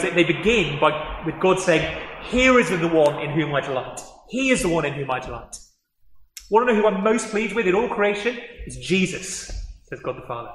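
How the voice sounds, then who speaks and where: A man preaching a sermon, animated, acting out the quoted words with rising excitement. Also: fairly high pitch, slight background noise. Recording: echoey hall with long reverb.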